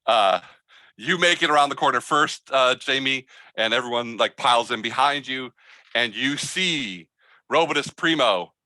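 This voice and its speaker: Guy gm telling the story, lots of uhs and likes, bright tone, dry close mic. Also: mid-range voice, moderate pace, dry recording. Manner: hesitant, filler-heavy storytelling. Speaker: game master. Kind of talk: narrating a tabletop game.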